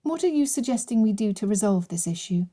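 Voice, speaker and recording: A woman's voice: medium pitch, fast talker, natural voice. A woman doing a witty young bride. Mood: playful. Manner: lively, playful, direct. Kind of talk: audiobook character reading.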